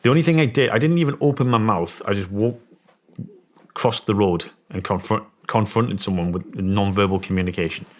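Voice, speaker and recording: A man with a lowish voice speaks briskly while telling a story as a guest in a casual conversation. He served in special forces, and his account rambles, restarting often and landing points emphatically.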